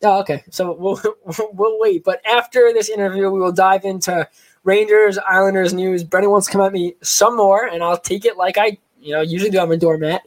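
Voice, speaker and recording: High-voiced man co-hosting a podcast. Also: fairly even intonation, poor audio. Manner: joking, fast-talking. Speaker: podcast co-host. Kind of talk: casual chat.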